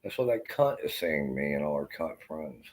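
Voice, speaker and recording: A man with a very low, deep voice delivers a rambling, bitter rant full of swearing. He sounds like he is hurting and feeling unwell as he talks to the camera. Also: very animated, a little fast, a little mellow, a little hiss or hum.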